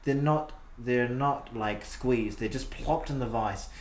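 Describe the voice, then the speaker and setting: A man's voice: medium pitch, slow pace, a little hiss or hum. A New man co-hosting a casual podcast, wandering through crude, playful tangents. His voice sits in the middle range for a man. The recording has a noticeable roomy echo around it. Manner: rambling, playful, crude storytelling. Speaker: podcast co-host. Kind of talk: casual chat.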